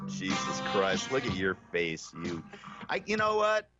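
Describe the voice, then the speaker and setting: A man's voice: low voice, huge pitch swings, slow, over music. A man hosting a radio talk show, ranting brashly in casual talk and laughing often, heard through a dull, muffled broadcast.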